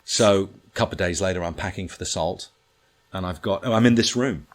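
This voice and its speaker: Man, low register, casual guest, animated bawdy storyteller with comic timing. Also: a little fast. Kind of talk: casual anecdote telling.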